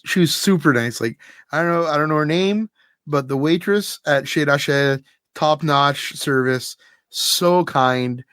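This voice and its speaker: A man hosting a podcast in casual chat, telling an animated story and laughing often. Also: fairly high pitch, no room sound, studio quality. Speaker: podcast host.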